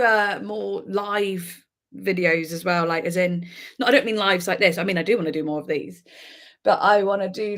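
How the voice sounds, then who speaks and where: A woman hosting a casual live chat with viewers, talking in a chatty, giggly way with lots of fillers and restarts. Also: mid-range voice. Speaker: livestream host reacting to music.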